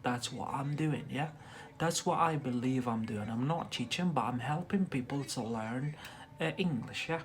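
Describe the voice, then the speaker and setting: A man from Algeria, giving a live-streamed English lesson, talking deliberately and checking in with "yeah?" after most phrases. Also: mid-range voice. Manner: deliberately slow, frequent "yeah?" check-ins. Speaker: English tutor livestreamer.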